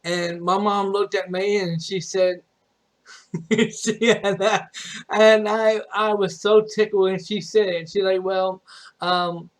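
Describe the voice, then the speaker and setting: A young man with a high voice tells a personal story on his stream. He rambles, restarts his sentences and swears freely as he goes. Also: flat delivery, slow. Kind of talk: casual storytelling.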